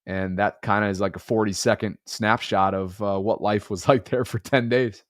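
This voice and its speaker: A man's voice: lowish voice, fairly even intonation, moderate pace, no room sound, studio quality. A man in his thirties co-hosting a podcast, congested and under the weather, talking in a rambling, earnest, reflective way. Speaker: podcast co-host. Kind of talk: casual chat.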